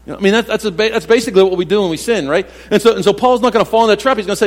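A man preaches a sermon in a conversational way, breaking into acted-out quotes and self-deprecating asides. His voice sits a bit high for a man. The church sanctuary gives his words a long, lingering reverb. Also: very fast, hardly any pauses. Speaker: pastor.

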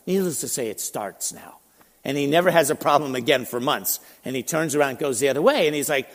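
A man preaching a sermon, telling stories in an animated, conversational way with frequent restarts. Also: fairly high pitch, fast talker, long reverb tail. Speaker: pastor. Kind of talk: sermon storytelling.

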